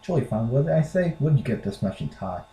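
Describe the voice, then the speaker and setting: American guy faking a posh british gent, exaggerated accent, stiff and jaunty, mellow tone, echoey room. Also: medium pitch, lively intonation, fast, natural voice. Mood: mock posh. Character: mock posh British gentleman, chummy and cheeky.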